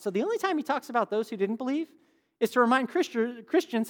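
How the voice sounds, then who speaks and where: A man's voice: very high voice, very animated, fast talker. Man preaching conversationally in an echoing hall. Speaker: pastor. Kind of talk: sermon.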